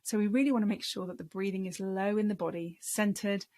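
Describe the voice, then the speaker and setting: A woman's voice: mid-range voice, steady tone, fast talker, warm tone. A woman, teaching public speaking skills to camera in an emphatic, encouraging coaching tone. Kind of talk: speaking-tips lesson to camera.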